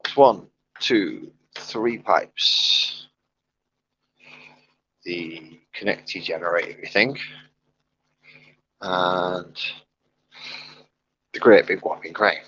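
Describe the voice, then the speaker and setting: A man's voice: low-pitched, extremely slow, pauses often, a bit bright, slightly rough, highs cut off. A man chatting casually on a live stream while he sets up his hobby gear, muttering to himself as he fiddles with things, on a wired headset. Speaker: streamer painting miniatures.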